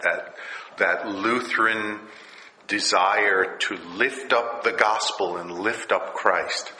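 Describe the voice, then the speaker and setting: A man preaching a conversational sermon as a Lutheran pastor, halting with many fillers and then rising into emphatic scripture reading. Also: on the low side, bright, forceful tone, recorded from a distance, slight background noise. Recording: very echoey room.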